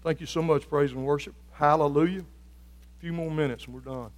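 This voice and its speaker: A man preaching a sermon as a pastor, building from quiet, reflective talk to loud, fervent shouting. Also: a little high, fairly even intonation, normal speed, in a large hall. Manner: preaching with rising fervor, shouting at peaks.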